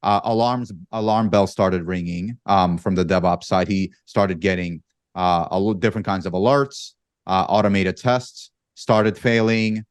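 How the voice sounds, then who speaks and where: A man's voice: sits low, moderate pace, clean tone, no echo. A man on a podcast panel, telling a story casually with plenty of ums and restarts. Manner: relaxed, many ums and restarts. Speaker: panel guest.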